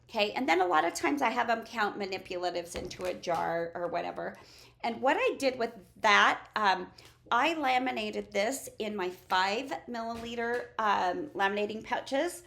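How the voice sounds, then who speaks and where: A woman preschool teacher chatting through her classroom resources and acting out how she leads the children. Her voice sits a little high and has a creaky, gravelly edge. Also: expressive, moderate pace, a bit bright. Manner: chatty, demonstrates classroom routines aloud. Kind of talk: casual classroom-resource walkthrough.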